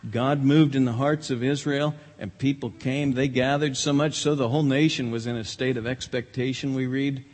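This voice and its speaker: A man's voice: medium pitch, fairly even intonation, normal speed, few pauses, a little mellow. A man, a pastor, preaching a sermon in a church, emphatic and dramatic when he quotes others. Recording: long hall reverb.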